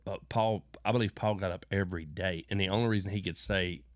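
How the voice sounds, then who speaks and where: A deep-voiced, middle-aged man with a West Texas accent, from West Texas, tells rambling folksy stories at a quick pace with fairly even intonation. As an interview guest he often restarts and repeats words and breaks into preachy bursts. The studio sound is clean, with no room sound.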